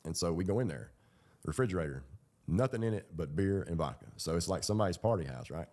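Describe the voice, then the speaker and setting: A man's voice: sits low, lively intonation, fast talker, a little mellow. A man telling his own story in a loose, rambling, colloquial way. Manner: rambling, colloquial, with fillers and laughs. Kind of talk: casual storytelling.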